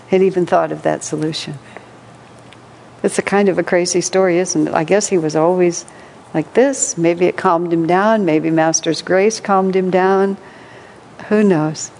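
A woman giving an informal spiritual talk to a group, telling stories warmly with frequent laughter and restarts. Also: fairly low pitch, vocal fry. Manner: warm storytelling, laughs often, many restarts and fillers. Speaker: spiritual teacher.

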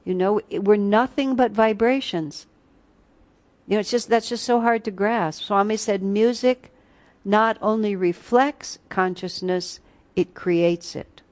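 During a spiritual retreat class, a woman with a mid-range, slightly mellow voice teaches through stories, laughing and breaking into snatches of song.

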